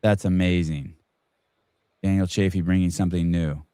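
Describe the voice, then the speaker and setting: A man's voice: deep voice, steady tone, normal speed, dark tone, clear, resonant tone, dry recording, clean studio sound. A man hosting a live stream, chatting casually in a rambling, joking way with frequent swearing. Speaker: podcast host.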